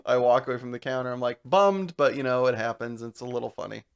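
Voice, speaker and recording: A young man co-hosting a podcast, telling a long story in casual chat, animated and laughing as he goes. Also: mid-range voice, quick pace, creaky, clean tone. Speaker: podcast co-host.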